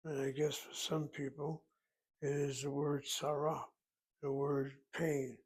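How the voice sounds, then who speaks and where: A man giving a recorded Hebrew grammar lesson, walking through words slowly and methodically, thinking aloud as he goes. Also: on the high side, level tone, darkish tone, husky, rough recording. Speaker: Hebrew teacher.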